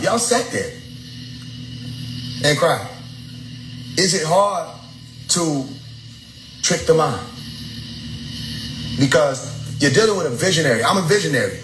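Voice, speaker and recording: Young man, slightly high voice, animated and preachy storyteller who swears freely, echoey room with faint noise. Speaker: speaker addressing his followers. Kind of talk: casual storytelling lecture.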